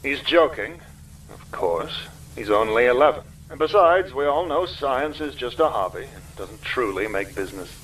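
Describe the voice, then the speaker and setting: A cocky middle-aged lawyer voiced by a man, self-assured and wry, at an even middle pitch. The voice sits a little back from the mic, slightly distant. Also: moderate pace, natural voice. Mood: dismissive. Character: confident middle-aged male lawyer, smooth. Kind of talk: web horror series acting.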